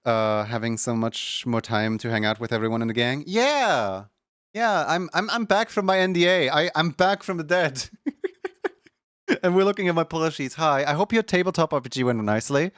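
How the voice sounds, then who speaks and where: A man's voice: on the high side, animated, normal speed, a bit bright, no echo, studio quality. Rambling young male streamer. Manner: rambling, heavy filler words, laughs often. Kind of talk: casual livestream chat. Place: home room.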